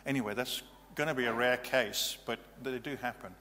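A man's voice: medium pitch, normal speed, pushed and bright. A male pastor giving a practical, matter-of-fact teaching sermon in a church. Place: church hall. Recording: reverberant hall, faint hum.

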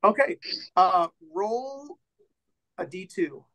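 Halting man running a tabletop game. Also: high-pitched, poor audio. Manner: relaxed, halting narration with fillers. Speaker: game master.

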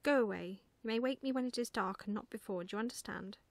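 A woman voicing a sleepy, grumpy father barn owl in whispered role-play, grumbling gruffly. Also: a little high, lively intonation, moderate pace, no echo.

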